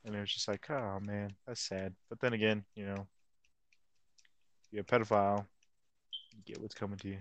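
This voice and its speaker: A man's voice: lowish voice, level tone, a little fast, pauses often, fairly bright tone, no echo. A young man co-hosting a casual podcast chat, rambling in slang, stumbling over words and acting out quotes. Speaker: podcast co-host.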